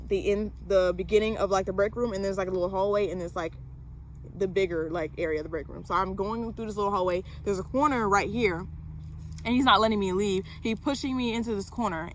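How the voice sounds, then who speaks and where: A woman's voice: medium pitch, steady tone, fairly quick, slight background noise. A young woman vlogger telling a personal story to camera, candid, with lots of fillers and swearing.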